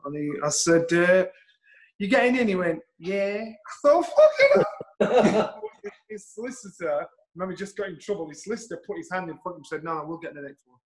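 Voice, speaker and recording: A middle-aged man, telling a story in an animated way, swearing and acting out the lines he quotes. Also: a little high, quick pace, hardly any pauses, poor audio. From England. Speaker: guest storyteller. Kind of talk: anecdotal storytelling.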